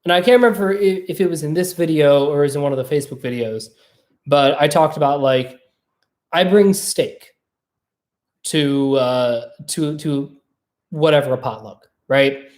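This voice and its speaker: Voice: mid-range voice, normal speed. A podcast host telling a personal story in a casual monologue, talking conversationally and acting out the people in it. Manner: animated storytelling, acting out quoted exchanges; conversational, with fillers and frequent "right?".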